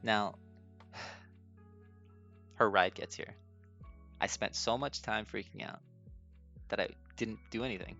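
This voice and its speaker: A man's voice: lowish voice, slow pace, gravelly, pauses often, sharp tone. A young man hosting his own podcast, telling a personal story casually, nervous and self-deprecating, laughing often. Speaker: podcast host. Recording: dull lo-fi sound with faint music.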